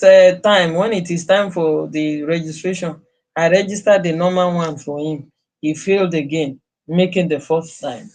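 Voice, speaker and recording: A woman's voice: deep voice, a little mellow. A middle-aged woman with a Nigerian accent, a nurse telling her life story in an earnest, emphatic, conversational way. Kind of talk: personal storytelling.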